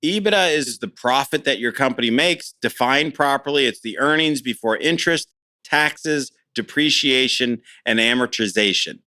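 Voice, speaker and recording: A man's voice: medium pitch, normal speed, pushed and bright, no room sound. A middle-aged man talking as a business owner in a conversational interview, enthusiastic and plain-spoken, often repeating words as he starts a phrase.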